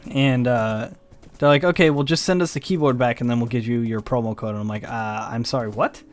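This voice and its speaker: Over soft background music, a young gaming host tells a meandering story while playing, yawning with fatigue. He speaks fairly quickly in a mid-range voice, casually and animatedly mimicking the other person's lines as well as his own.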